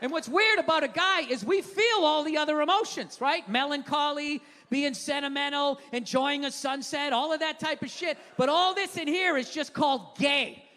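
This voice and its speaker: A man in his fifties performing a profane stand-up rant, chatty and swearing, building to shouted punchlines on a live stage. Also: extremely high pitch, moderate pace, hardly any pauses. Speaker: stand-up comedian. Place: live comedy venue stage. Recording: reverberant live venue, audience noise. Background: audience laughter.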